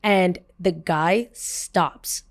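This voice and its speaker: A woman hosting a podcast and telling a story in a casual, chatty way. Her voice sits a little low. She talks fast and keeps the story moving with lots of "like" and quick asides. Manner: animated, fast, full of "like". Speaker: podcast host.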